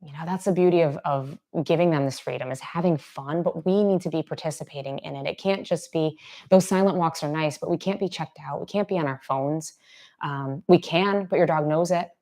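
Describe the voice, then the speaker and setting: Low-voiced woman dog trainer. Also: a little fast. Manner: conversational, drops to soft near-whispers to demonstrate praise. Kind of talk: casual live Q&A teaching.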